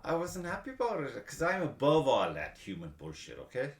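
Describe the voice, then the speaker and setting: Pitched on the high side and talking a little fast, a man hosts a casual podcast chat full of swearing and self-mockery. His delivery is animated with lots of laughs, and the room echo is noticeable.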